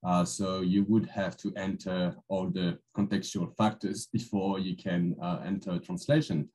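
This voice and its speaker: Low, mellow man. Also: little pitch movement, moderate pace, rough recording. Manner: hesitant, many fillers. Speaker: panelist. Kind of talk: webinar panel discussion. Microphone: video call.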